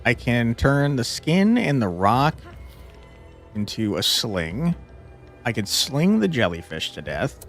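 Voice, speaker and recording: A man's voice: mid-range voice, very animated, takes it slowly, a bit bright, soft background music. A young man streaming a card game, talking to his chat between moves, swearing and venting at tough fights. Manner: swears a lot, frustrated outbursts and laughs; chats with viewers between moves. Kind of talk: live gameplay commentary.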